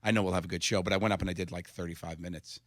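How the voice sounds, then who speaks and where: A middle-aged man with a low voice rattles through stories at a fast clip, animated and laughing often. He sounds close to a studio mic in a dry room. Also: dry recording. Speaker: comedian guest. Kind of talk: casual interview storytelling.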